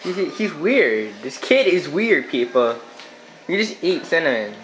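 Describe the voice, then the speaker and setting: Amused camcorder narrator with lively pitch. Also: unhurried, echoey room, a little hiss or hum, poor audio. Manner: amused, joking, bursts into laughter. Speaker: person filming a home video. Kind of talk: casual home video narration. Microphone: camcorder mic. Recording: home video with loud music behind.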